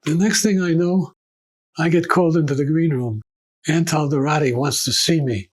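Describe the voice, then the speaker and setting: A man's voice: on the high side, moderate pace, low-quality recording. An older man recalling his career in an oral history interview, acting out the voices of people in his stories. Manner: animated anecdotes, acting out quoted voices.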